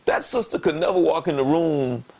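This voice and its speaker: A man's voice: on the high side, normal speed. A man talking as a guest on a talk show, in casual conversation, telling stories emphatically with repetition, his voice jumping up whenever he quotes himself. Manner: animated, voice jumps up when quoting himself.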